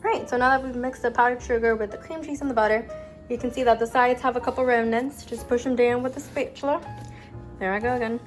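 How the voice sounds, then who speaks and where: A woman's voice: on the high side, fairly even intonation, fast, soft background music. A young woman chatting casually in her home kitchen as she hosts a cooking vlog, often drifting off on tangents. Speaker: vlogger.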